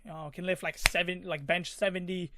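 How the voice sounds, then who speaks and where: A man's voice: high voice, level tone, fairly quick, background noise. A man casually telling a personal story, rambling with many fillers and little sound effects. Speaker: vlogger.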